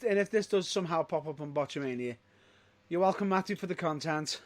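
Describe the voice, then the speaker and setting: A man co-hosting a casual chat show, excitable, with loud outbursts and rapid rambling asides. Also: on the high side, no echo. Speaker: podcast co-host.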